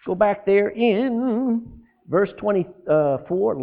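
A man preaching a sermon, animated, asking the congregation rhetorical questions and breaking into asides. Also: high-pitched, slow pace, gravelly. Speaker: pastor. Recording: tinny phone-like lo-fi sound.

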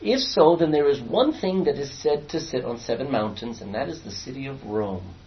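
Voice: medium pitch, expressive, normal speed. A Bible study teacher leading a class, reading verses aloud, explaining them and quizzing the students as they go. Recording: distant, dull lo-fi room recording.

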